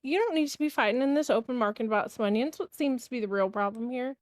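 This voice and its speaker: A woman playing an elven cleric who tries to calm down a quarrel diplomatically. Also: fairly high pitch, fast talker, dry recording, studio quality, close to an everyday voice. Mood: placating. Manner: soothing, diplomatic.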